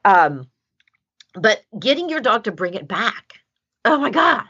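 A woman dog trainer chats casually on a podcast, telling stories in an animated way with plenty of fillers. Her voice swings lively up and down with a bright, slightly husky tone. The recording sounds dull and lo-fi. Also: medium pitch, measured pace. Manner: animated storytelling with many fillers.

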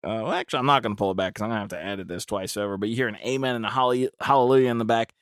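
A man's voice: fairly low pitch, very fast, dry recording, studio quality. A young man hosting a casual podcast, rambling along with plenty of fillers and restarts. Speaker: podcast host.

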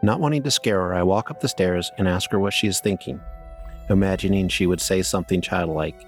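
A man's voice: low voice, fairly quick, soft background music. A man co-hosting a podcast, reading listener stories aloud in a plain way and trading dry banter. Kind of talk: casual podcast chat and story reading.

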